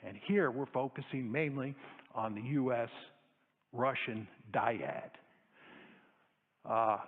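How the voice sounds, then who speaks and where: A man's voice: mid-range voice, gravelly, slightly rough. A man giving a public lecture to an audience, argumentative and emphatic, driving his points home through repetition. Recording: echoey hall over a tinny phone-like line.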